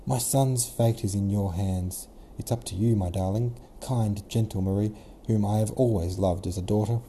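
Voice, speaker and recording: A flattering old prince drawls his sweet words slowly and deliberately, as a man puts him on. The voice is low, dark and mellow, with faint ambience behind it. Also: a little hiss or hum, lightly acted. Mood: sentimental. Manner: slow, syrupy, flattering. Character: smooth, sentimental scheming old prince.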